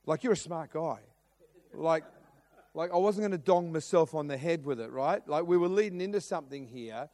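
A man's voice: on the high side, normal speed, warm tone. A middle-aged man preaching a sermon, telling a story with lots of restarts and acted-out quotes. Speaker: pastor.

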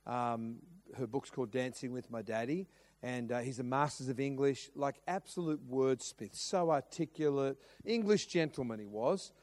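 A man's voice: medium pitch, moderate pace, darkish tone. A middle-aged man preaching a sermon, telling a story with lots of restarts and acted-out quotes. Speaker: pastor.

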